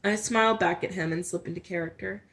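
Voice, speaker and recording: A woman's voice: fairly low pitch, steady tone, fast talker, creaky, a bit bright. A woman reading a novel aloud in first person, with small slips and restarts. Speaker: storyteller.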